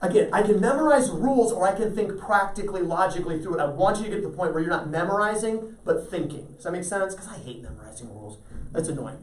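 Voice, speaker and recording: A man's voice: high-pitched, animated, fast. Male teacher lecturing in an echoey classroom. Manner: asks the class frequent check-in questions. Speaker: math teacher. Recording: roomy echo, voice from far off.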